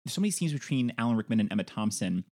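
A man's voice: mid-range voice, very animated, racing, a little mellow. A man co-hosting a podcast, casually recapping a film's plot with playful asides. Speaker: podcast co-host. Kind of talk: casual film discussion.

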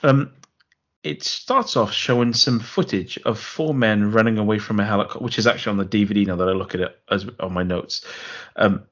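A man's voice: fairly low pitch, brisk, a bit bright, lo-fi sound. A man co-hosting a podcast, rambling sarcastically through a film plot and interrupting himself. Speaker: podcast co-host. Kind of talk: casual film-review chat.

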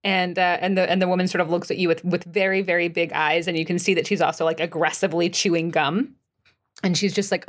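A woman game master narrating a tabletop role-playing scene in a relaxed, hesitant way, with many fillers. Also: on the low side, fast.

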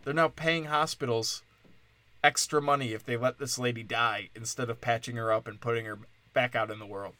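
A man's voice: medium pitch, steady tone, moderate pace, pushed and bright. A man from Wisconsin hosting a solo comedic rant, profane and sarcastic, swinging between mocking asides and exasperated outbursts.

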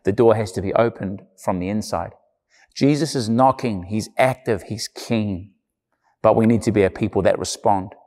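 A man's voice: on the low side, moderate pace, darkish tone. A man preaching a sermon in an earnest, conversational way, with emphatic repeated phrases. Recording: long church-hall reverb.

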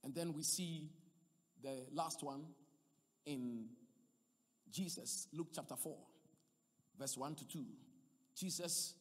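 A man preaching a sermon, swinging between loud emphatic passages and quiet asides. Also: a little high, breathy edge, long reverb tail.

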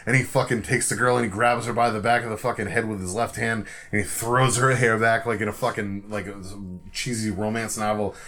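A man with a fairly low voice tells stories on a casual podcast. He swears freely and slips into rough imitations of the people he describes. His delivery is loose, chatty, and full of energy. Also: brisk, hardly any pauses. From Providence area, US. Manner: profane, animated storyteller acting out quotes. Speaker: podcast co-host. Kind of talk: casual storytelling chat.

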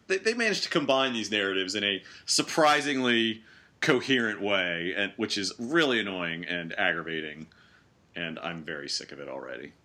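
Bright-voiced sarcastic podcast host man. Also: lowish voice. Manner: animated, sarcastic, quick asides with laughs. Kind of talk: casual sports podcast chat.

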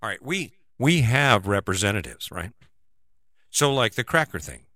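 A man's voice: on the low side, very animated, normal speed, bright, forceful tone, no room sound, studio quality. A middle-aged man giving a casual, rambling opinion monologue, often tagging on "right?". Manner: rambling, keeps asking "right?".

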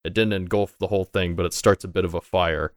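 Low, smooth-voiced male game master. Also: fairly even intonation, fast talker, no room sound, studio quality. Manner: loose and conversational, swears casually. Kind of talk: narrating a tabletop game.

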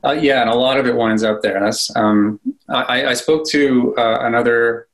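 A man's voice: mid-range voice, steady tone, moderate pace, rough recording. A man being interviewed as a cartoonist, talking casually and rambling with many fillers and restarts, self-deprecating. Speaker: cartoonist guest.

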